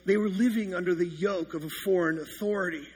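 Man, husky voice, slightly high, pastor, sermon, joking storyteller. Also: fast. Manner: self-deprecating storytelling with comic exaggeration.

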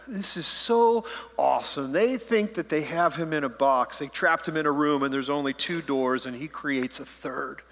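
Playful bright-voiced male pastor in a reverberant hall. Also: fairly high pitch. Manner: conversational and playful, acting out voices in jokes. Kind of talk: sermon.

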